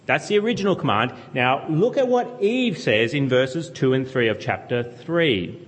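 A man's voice: medium pitch, expressive, moderate pace, hardly any pauses. Earnest preacher man, echoing hall. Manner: earnest expository teaching with rhetorical questions. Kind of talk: sermon. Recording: long hall reverb.

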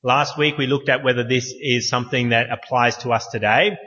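Bright-voiced preacher in an echoey hall. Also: male voice, mid-range voice, fairly even intonation, fairly quick. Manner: earnest, conversational, anecdotal. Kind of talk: sermon with opening prayer. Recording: echoey hall, dull lo-fi sound.

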